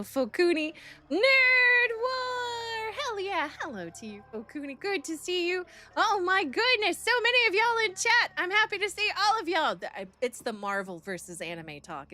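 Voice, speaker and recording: A young woman streams to her chat in a high, bright voice. She is bubbly and excitable and swoops up and down in pitch as she greets people, with soft music playing behind her. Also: moderate pace. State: nervous and excited.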